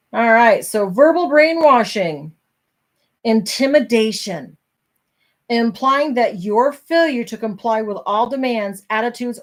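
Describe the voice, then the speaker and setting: Candid middle-aged woman reading aloud. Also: fairly high pitch. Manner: candid, chatty, reacting to live viewers. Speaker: host reading and discussing a self-help book. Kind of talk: casual talk reading from a book.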